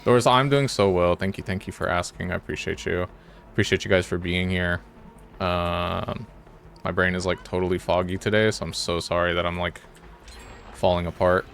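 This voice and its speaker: A man's voice: deep voice, fairly even intonation, moderate pace, a bit bright, a little hiss or hum. A young man streaming a game, chatting casually with his viewers in a laid-back, rambling way. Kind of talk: casual live-stream chat while gaming.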